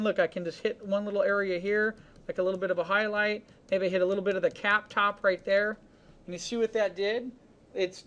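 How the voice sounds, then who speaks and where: Brief: man, casual art teacher, talks through every brush stroke in an easygoing screen-recorded lesson. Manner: relaxed, talks while painting, narrates each brush stroke; casual, with fillers like "boom" and "you know". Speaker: digital painting instructor.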